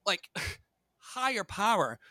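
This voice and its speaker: A man in his thirties from Virginia, a singer and podcast guest, telling his life story in a dramatic, animated way and swearing freely. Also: high voice, slow, no echo. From Virginia, USA. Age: 30s. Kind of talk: storytelling interview.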